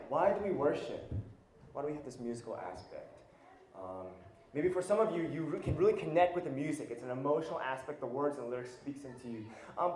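A man's voice: medium pitch, reverberant, slight background noise, rough recording. A man preaching a sermon as pastor, talking in a conversational, questioning way with casual fillers. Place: church sanctuary.

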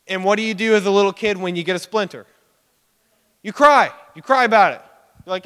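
A man's voice: high-pitched, racing, bright, forceful tone, smooth. A young man giving a sermon illustration, telling a story in a casual, rambling way full of fillers. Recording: long hall reverb.

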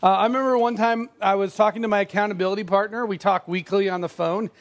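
A middle-aged man delivers a sermon from the pulpit. His voice sits high, and his tone stays casual and self-deprecating. He often slips into acted-out quotes. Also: steady tone, fast talker. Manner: conversational, self-deprecating, acts out quoted lines. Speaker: pastor.

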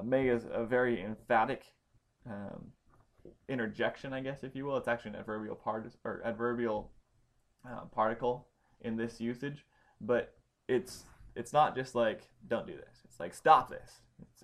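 Male Bible study teacher, lowish voice, informal, leans hard on key words. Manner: informal, stresses key words, many ums and restarts. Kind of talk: explaining Greek grammar to a study group.

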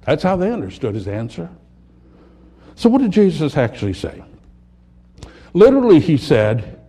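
A man preaching a sermon with a fairly high, mellow voice. His pitch rises and falls in lively sweeps. He moves between loud, stressed lines and quiet, low ones. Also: normal speed. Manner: dramatic swings between loud emphasis and hushed low delivery.

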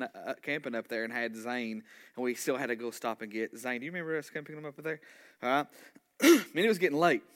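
A man, a pastor telling a story in a sermon, animated and conversational, full of asides. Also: mid-range voice.

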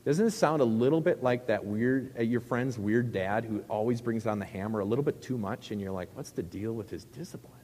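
A man's voice: medium pitch, a little fast, few pauses, a little mellow. Joking male preacher in a long-echo hall. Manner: conversational and joking, with rhetorical questions to the audience. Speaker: pastor. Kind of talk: sermon.

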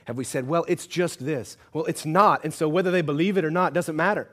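A man preaching a sermon, asking the congregation questions and joking with them, moving between hushed earnest passages and loud urgent exhortation. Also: a little high, fast talker. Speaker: pastor.

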